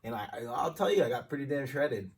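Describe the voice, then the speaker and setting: A man's voice: mid-range voice, animated, quick pace, recorded from a distance. A young man co-hosting a podcast, chatting casually, swearing freely and repeating himself. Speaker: podcast co-host. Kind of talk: casual chat.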